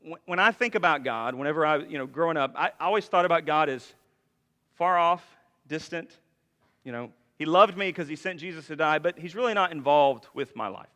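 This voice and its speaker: Male pastor, bright and forceful tone, chatty sermon delivery, long church reverb. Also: on the high side, animated, a little fast. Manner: conversational preaching with frequent rhetorical questions. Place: church sanctuary.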